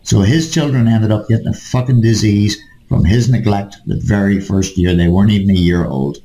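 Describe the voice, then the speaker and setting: Guy ranting and cursing on a call, dark mellow voice, lots of room echo, keeps saying mate. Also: lowish voice, moderate pace, a little hiss or hum. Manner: ranting, profane, keeps addressing the listener as mate. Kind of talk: casual chat.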